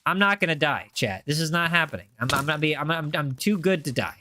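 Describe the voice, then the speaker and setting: A man's voice: fairly high pitch, expressive, brisk, pushed and bright, a little hiss or hum. A young man streaming a game and chatting with viewers, teasing and joking, often repeating lines for comic effect. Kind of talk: casual live-stream chat while gaming.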